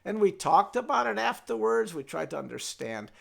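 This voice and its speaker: A man telling a folk tale in a lively, halting way, often restarting his sentences and turning aside to speak to his donkey. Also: sits high, gravelly. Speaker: storyteller. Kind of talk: told folk tale with a puppet.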